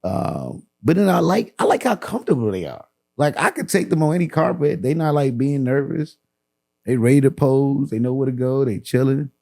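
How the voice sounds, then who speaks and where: A man's voice: mid-range voice, lively intonation, normal speed, a little mellow. A man, a comedian and actor, talking as a podcast guest in a laid-back, slangy, rambling way. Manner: laid-back, slangy, rambling with lots of "you know what I'm saying". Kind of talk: casual sit-down chat.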